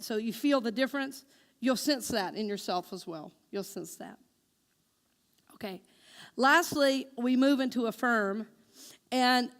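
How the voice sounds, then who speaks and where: A woman minister delivering a sermon, asking her congregation questions and speaking affirmations slowly and deliberately. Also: on the high side. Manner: engaging the congregation with call-and-response questions; slow, deliberate spoken affirmations.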